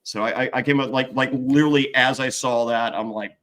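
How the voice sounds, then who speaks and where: A man's voice: mid-range voice, fairly even intonation, brisk, a bit bright. A man telling stories in casual chat, acting out quotes with big jumps in his voice, swearing and laughing often. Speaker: podcast host and former reality contestant.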